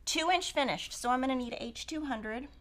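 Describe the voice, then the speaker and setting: A woman's voice: high voice, moderate pace, a bit bright. A middle-aged woman hosting a quilting livestream, chatting and telling stories while she cuts fabric and thinks aloud through the math. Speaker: quilting show host. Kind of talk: casual chat while cutting fabric.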